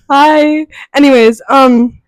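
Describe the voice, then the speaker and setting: A woman's voice: high voice, fairly even intonation, drawn-out words, no room sound. A teenage girl co-hosting a podcast, telling an embarrassing story in casual chat, laughing until she cries. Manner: giggly, storytelling, laughs through her words. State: laugh-crying. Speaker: podcast co-host.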